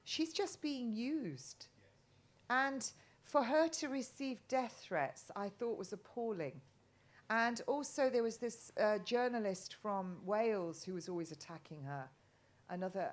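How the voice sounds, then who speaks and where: A woman's voice: mid-range voice, a little slow. A middle-aged woman from England talking as a guest in a casual live chat, rambling with many restarts and ums.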